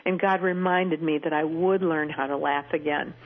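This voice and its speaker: A woman's voice: low voice, fairly even intonation, moderate pace. A middle-aged woman, a Christian speaker, telling earnest personal stories with touches of humor as a radio interview guest. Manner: earnest, storytelling, warm humor. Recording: tinny phone line on radio.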